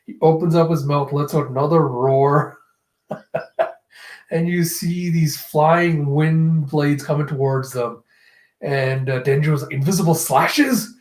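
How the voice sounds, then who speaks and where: A man retelling a comic chapter for his viewers, walking through each panel in an animated second-person way. His voice sits slightly high for a man. The sound rings in a roomy, echoey room. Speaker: comic reviewer.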